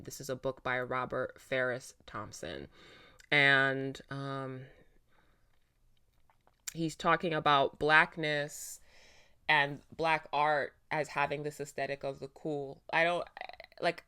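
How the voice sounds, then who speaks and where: A woman hosting a reaction video, talking in a casual, animated way with lots of fillers, frequent laughs and some swearing, into her own microphone. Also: very deep voice, clean tone. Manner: laughs often while talking.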